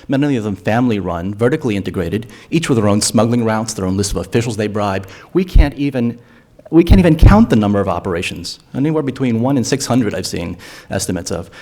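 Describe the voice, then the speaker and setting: A man's voice: medium pitch, a little mellow. A man speaking at a public forum on drug policy, earnest and argumentative, often restarting his phrases. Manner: earnest, argumentative, repeats words when restarting. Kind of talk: forum talk. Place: lecture hall.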